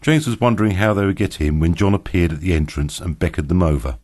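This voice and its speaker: A man narrating an audiobook in a steady, even reading. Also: low-pitched, fast.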